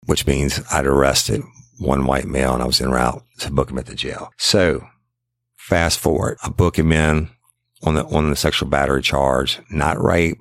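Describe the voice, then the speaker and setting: A man, a former police detective telling a case story in halting, blunt, profane casual talk that repeats words. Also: a bass voice, level tone, gravelly, dry recording, clean studio sound.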